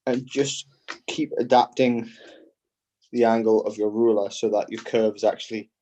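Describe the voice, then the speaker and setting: A man's voice: medium pitch, warm tone, rough recording. A man with hiccups, patiently explaining step by step how he cuts kite panels. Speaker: kite builder demonstrating. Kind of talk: step-by-step craft instruction.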